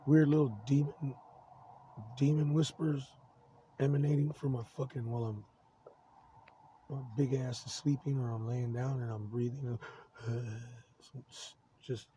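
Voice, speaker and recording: A man in his forties rambles through a personal monologue in a mellow, unbright voice. He swears nearly every line and trips over his own restarts, sounding worked up, with a faint hiss of noise behind him. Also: mid-range voice, steady tone, poor audio. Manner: profane, agitated, halting with many restarts.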